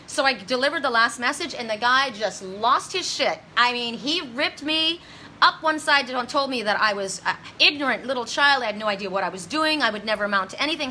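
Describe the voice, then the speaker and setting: High bright-voiced woman medium, rambling. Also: expressive, brisk, slight background noise. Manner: intense, rambling, many restarts; dramatic retelling with voiced quotes. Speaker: psychic medium. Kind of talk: emotional monologue to viewers.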